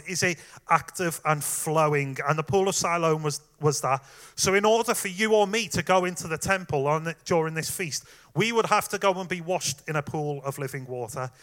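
Speaking a little fast in a voice on the high side, a man gives a conversational sermon. He talks straight to the congregation warmly, dropping in an occasional "um."

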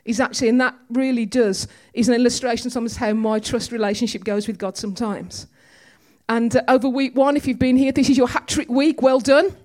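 A woman's voice: fairly high pitch, fairly even intonation, a little fast, darkish tone. A woman giving a conversational, storytelling sermon in a church. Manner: chatty, storytelling, with humor. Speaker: preacher.

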